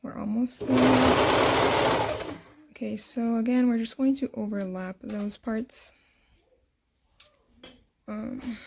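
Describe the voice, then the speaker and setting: A young woman casually walking viewers through a sewing project at home, chatty and quick to laugh at herself. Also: mid-range voice, gravelly, darkish tone, slight background noise. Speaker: sewing tutorial host. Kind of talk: casual step-by-step sewing demo.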